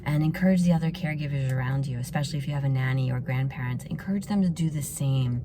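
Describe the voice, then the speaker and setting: A middle-aged woman, a pediatrician hosting a podcast, giving earnest parenting advice and often dropping to a hushed near-whisper. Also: rumbling low, quick pace, noisy background.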